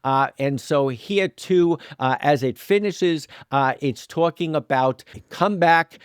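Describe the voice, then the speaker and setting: A man co-hosting a podcast, reading and explaining scripture verses with emphatic pauses and frequent "uh" fillers. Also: medium pitch, smooth, dry recording, studio quality. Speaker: podcast co-host. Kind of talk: conversational scripture study.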